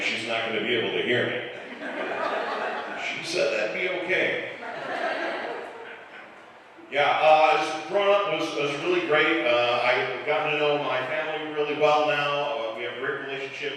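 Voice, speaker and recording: A stand-up comedian in his forties from the Chicago area with a slightly softened Chicago accent, telling self-deprecating stories in a dry way with filler pauses. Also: mid-range voice, far from the mic, noisy background. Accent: Chicago, mostly softened. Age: 40s. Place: live comedy club stage. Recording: echoey club hall, mic heard from afar.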